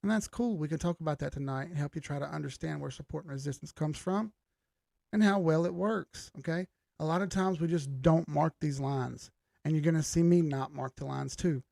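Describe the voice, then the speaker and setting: A man's voice: on the high side, brisk, creaky, a little mellow, no echo, studio quality. A middle-aged man, hosting a live stream in casual chat, greeting viewers by name with a laid-back manner and the occasional swear. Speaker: livestream host.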